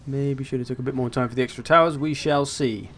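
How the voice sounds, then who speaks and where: A man's voice: mid-range voice, fairly even intonation, fast talker. A young man giving casual, wry commentary as he plays a strategy game, thinking aloud as he goes. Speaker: gaming channel host.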